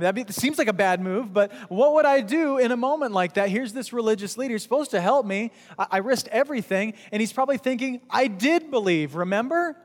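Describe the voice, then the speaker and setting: Conversational man preaching in a reverberant hall. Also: high voice. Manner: conversational, acts out quoted voices, rhetorical questions. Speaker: pastor. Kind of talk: sermon. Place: church sanctuary. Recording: long church hall reverb.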